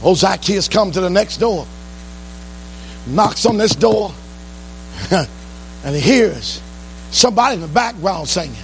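A man preaching a sermon in a church, with a sing-song cadence that breaks into song and shouts. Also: high-pitched, lively intonation, measured pace, vocal fry, pauses often, faint music behind.

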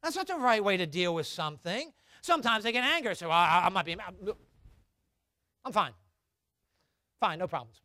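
A man's voice: sits high, expressive, brisk, bright, forceful tone, no echo, clean studio sound. A man preaching a sermon, emphatic and repetitive, leading the congregation in repeating lines and reading scripture in old formal wording. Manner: leads congregation in call-and-response. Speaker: pastor.

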